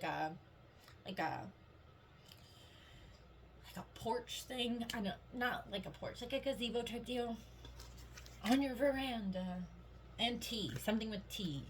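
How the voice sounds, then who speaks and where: Over a noisy background, a woman with a medium-pitched voice offers viewers a relaxed tarot reading. She is chatty and giggly, wanders from point to point, peppers her speech with "like," and keeps an upbeat, encouraging tone.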